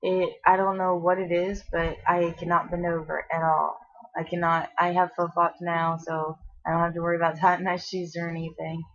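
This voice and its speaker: A young pregnant woman with a low voice talks to her camera at home in a loose, rambling way, trailing off and restarting often. She sounds short of breath, and the recording has a dull, lo-fi home-video sound. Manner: chatty, rambling, many fillers and restarts. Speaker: vlogger. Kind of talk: casual pregnancy update vlog. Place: at home, seated.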